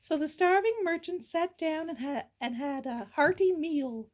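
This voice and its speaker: A woman's voice: sits high, measured pace, hardly any pauses, a little mellow. A woman reading a fairy tale aloud in a playful way, breaking off for goofy asides and sound effects. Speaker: storyteller. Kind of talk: storytelling read-aloud.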